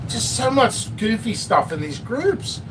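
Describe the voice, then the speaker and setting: A man's voice: extremely high pitch, big pitch swings, a little slow, far from the mic, background noise. A man hosting a casual live stream about peppers and hot sauce, rambling and joking at his own expense. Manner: rambling, joking, self-mocking.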